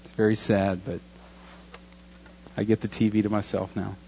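A man's voice: on the low side, level tone, moderate pace, gravelly, dark tone, highs cut off, a little hiss or hum. Earnest man in his forties preaching. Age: 40s. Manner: earnest, conversational preaching with jokes. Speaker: pastor. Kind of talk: sermon.

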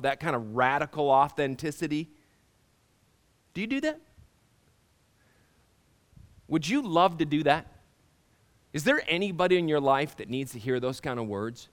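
Middle-aged man, pastor, casual sermon voice, stop-start phrasing, keeps questioning the room. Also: fairly low pitch. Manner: conversational, halting restarts, rhetorical questions to the congregation.

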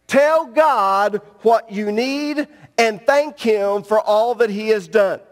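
Middle-aged male pastor, high voice, direct emphatic sermon delivery, long reverb from a church hall. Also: slow.

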